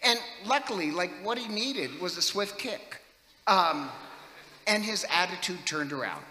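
A man's voice: high voice, sing-song, measured pace, pushed and bright. A man giving a homily as a priest, telling stories in a chatty, joking way with many fillers. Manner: chatty, jokey, lots of fillers. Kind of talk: homily with storytelling. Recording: echoey church hall.

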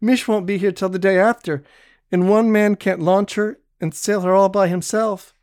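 A male narrator voicing a devoted young man who speaks quietly and resolutely. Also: high-pitched, steady tone, moderate pace, clean tone, dry recording, studio quality, voice pushed up, lightly acted. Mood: protesting.

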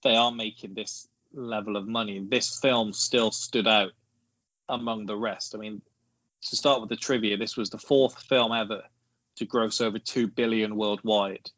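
A man co-hosting a casual film podcast, explaining his points in a measured way and leading with trivia. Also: fairly low pitch, steady tone, a bit bright, no room sound, highs cut off. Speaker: podcast co-host.

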